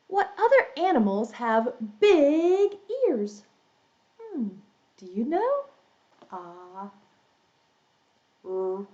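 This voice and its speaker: A woman with a high voice and dark tone teaches English to young children through a story, using slow, playful, exaggerated teacher talk and animal sound effects. The recording has its highs cut off.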